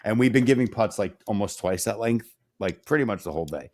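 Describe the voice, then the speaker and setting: Animated man telling a golf story. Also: fairly low pitch, a little fast. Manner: animated, swearing, acts out dialogue. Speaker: podcast co-host. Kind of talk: casual chat, storytelling.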